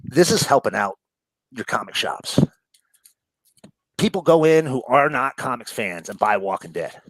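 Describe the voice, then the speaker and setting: A man's voice: medium pitch, animated, unhurried, a bit bright, no echo, low-quality recording. A man from New York with a New York accent, chatting casually about comics with lots of fillers, profanity and laughter. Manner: rambling, profane, laughs often, many fillers. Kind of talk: casual chat.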